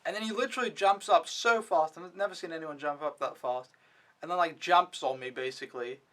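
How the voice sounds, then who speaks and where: Bright-voiced young man rambling casually. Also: on the high side, a little fast. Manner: rambling, swears a lot, lots of "like". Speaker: au pair vlogger. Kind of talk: casual vlog recap.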